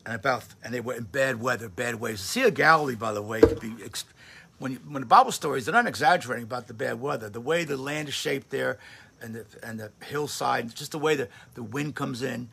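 A man's voice: mid-range voice, brisk, creaky, a bit bright, breathy edge. A man who is a pastor, giving a conversational sermon on a livestream with emphatic bursts. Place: home livestream setup. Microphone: phone or webcam on a livestream.

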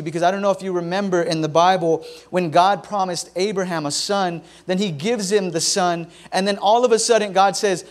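A young male pastor preaching a sermon in a church, telling stories in a conversational, humorous way. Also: sits high.

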